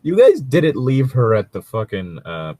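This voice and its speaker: Husky lisping man running a tabletop game. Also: medium pitch, sing-song, a little slow, dark tone, no echo. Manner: lisp. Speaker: game master. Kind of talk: casual tabletop game chat.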